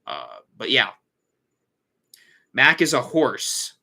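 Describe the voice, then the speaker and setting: Bright-voiced man chatting on a livestream. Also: mid-range voice, a little slow. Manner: rambling, self-correcting, yawning. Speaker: host. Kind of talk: casual livestream chat.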